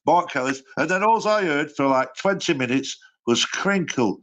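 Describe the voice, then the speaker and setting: A man's voice: fairly high pitch, lively intonation, normal speed, fairly bright tone. Stoned, rambling man on a call. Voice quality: rambling, matey, swears. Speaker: panel guest. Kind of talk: casual livestream chat.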